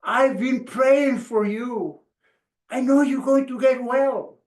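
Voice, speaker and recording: A man voicing a small, earnest, hopeful boy in a high, pleading child voice. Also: takes it slowly, darkish tone. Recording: echoey room.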